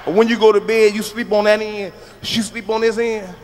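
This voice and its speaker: A man doing a stand-up comedy routine, brash and profane, breaking into sudden shouted bursts. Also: sits high, level tone, fairly quick.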